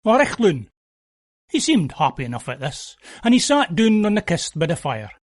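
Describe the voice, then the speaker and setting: A man's voice: a little high, very animated, a little fast, dry recording, clean studio sound. A Scottish man narrating an audio play in dialect, in a wry, homely, conversational way.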